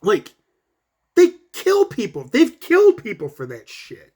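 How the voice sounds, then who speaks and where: Man, vlogger, profane rant, high lively voice, swings up and down a lot, talks in quick bursts. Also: husky. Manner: profane, animated, fast bursts, acts out quotes. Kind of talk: casual commentary rant.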